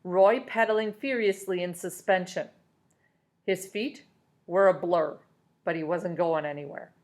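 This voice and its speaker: A woman reads a chapter of a children's novel aloud in a middle-pitched voice. Her reading is expressive, and she stops now and then to correct herself. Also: unhurried.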